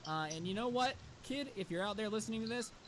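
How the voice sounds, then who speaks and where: A man telling a story in an animated, sarcastic way. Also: sits high, fast talker. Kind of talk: storytime narration. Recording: noisy background hiss.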